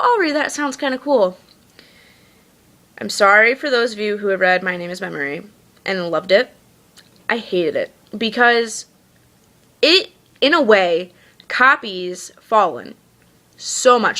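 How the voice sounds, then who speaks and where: A young woman talks straight to her camera in a loose, chatty rant, full of "like" and exasperated asides. Her voice is bright and forward, set at an ordinary middle pitch. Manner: chatty and exasperated, heavy use of "like". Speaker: vlogger. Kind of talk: casual book rant to camera.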